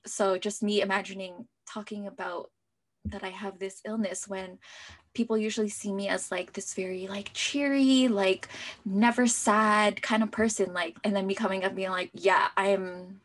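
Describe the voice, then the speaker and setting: A young woman telling her personal story as an interview guest, in a chatty way full of "like" fillers, sometimes dropping to a soft near-whisper. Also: medium pitch, flat delivery, moderate pace.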